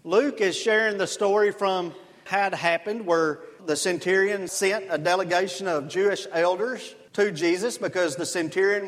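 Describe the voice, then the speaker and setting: High-voiced preacher in a reverberant church. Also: male voice. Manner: earnest, storytelling, conversational. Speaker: pastor. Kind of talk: sermon. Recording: long reverb of a church hall.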